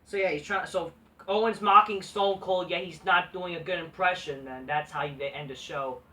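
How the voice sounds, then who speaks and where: A woman rants about a wrestling broadcast in a bright, tense voice, swearing freely and tossing in sarcastic asides. She circles back with "like" and false starts. She sits a little back from the microphone. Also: fairly low pitch, normal speed, recorded from a distance. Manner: profane, repeats "like" and restarts often, sarcastic. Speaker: wrestling show reviewer. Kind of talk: ranting show review.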